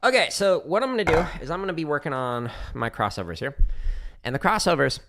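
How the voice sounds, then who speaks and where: A man's voice: on the high side, quick pace. Man teaching drums on a livestream. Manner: relaxed instructional talk with fillers. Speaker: drum teacher. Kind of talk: livestream drum lesson. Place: home practice room. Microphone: studio microphone near drum setup.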